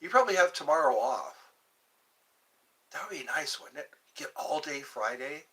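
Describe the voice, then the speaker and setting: Lively rambling man hosting a livestream. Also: a little high, normal speed, far from the mic. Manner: rambling, jokey, chatting with viewers. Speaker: livestream host. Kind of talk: casual livestream chat.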